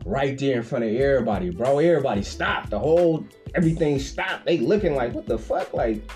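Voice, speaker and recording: A man, casually telling a story on a podcast. His voice is warm and mellow, and he keeps slipping into high, playful impressions of other people. Faint music plays underneath. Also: a little fast. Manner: animated storyteller, acts out quoted voices with big pitch jumps, laughs often, slangy.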